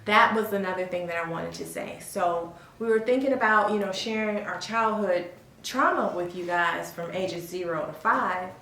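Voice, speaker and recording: A woman's voice: medium pitch, normal speed, pushed and bright. A woman co-hosting a podcast, telling a candid personal story in an earnest way, often laughing at herself and turning to listeners with "y'all". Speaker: podcast co-host. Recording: echoey room.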